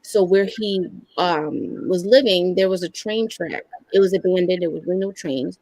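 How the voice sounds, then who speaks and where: Candid woman with a gravelly edge. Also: fairly low pitch, measured pace, no room sound, low-quality recording. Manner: candid, animated storytelling that acts out quoted lines. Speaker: guest. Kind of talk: personal storytelling in a podcast interview.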